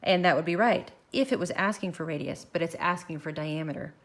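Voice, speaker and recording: Woman math teacher, slightly low voice, recorded lesson, talks students through each step, thinks aloud. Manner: walks through steps slowly, thinking aloud. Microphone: phone camera filming her worksheet.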